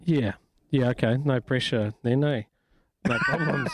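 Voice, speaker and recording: A man co-hosting a sports radio show, jokey and quick to laugh. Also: medium pitch, steady tone, slight background noise. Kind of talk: casual radio banter.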